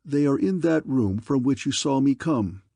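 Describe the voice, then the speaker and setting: A man's voice: mid-range voice, expressive, moderate pace, vocal fry, dark tone, dry recording, clean studio sound. A man voicing a haughty, officious male major domo of a palace. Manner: haughty, clipped.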